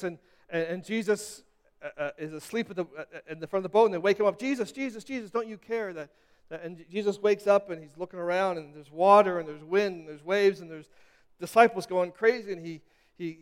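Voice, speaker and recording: High-voiced preacher in an echoey hall. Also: male voice, clean tone. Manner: repetitive, stammering restarts, building to emphatic crescendos. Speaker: pastor. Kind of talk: sermon.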